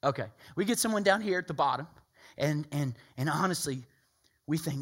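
A man preaching a sermon, emphatic and animated, acting out people's voices. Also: on the high side, moderate pace, breathy edge.

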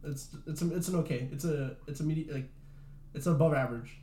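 Fast-talking young man in an echoey room. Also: fairly high pitch, mellow. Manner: rambling, swears a lot, says "like" often. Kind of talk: casual chat. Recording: roomy echo.

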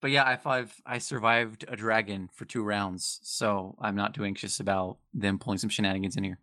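A man plays a tabletop game with the game master, joking wryly as he goes. His voice sits a little low. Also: steady tone, fairly quick, bright, forceful tone. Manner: joking, wry. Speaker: player.

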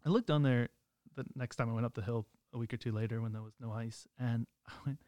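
A man co-hosting a podcast, telling a story in an animated way and laughing often. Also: medium pitch, fast, no room sound. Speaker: podcast co-host. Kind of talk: casual storytelling.

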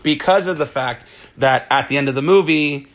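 A man casually retelling a film's plot, excitable and swearing freely, acting out the characters' lines as he goes. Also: a little high, normal speed. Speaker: movie recap host. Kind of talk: casual spoiler-filled movie recap.

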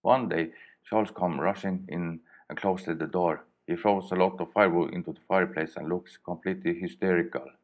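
Very deep-voiced Swedish storyteller. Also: male voice, steady tone, lo-fi sound. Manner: halting, plain wording, many fillers. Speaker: podcast storyteller. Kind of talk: reading a story aloud.

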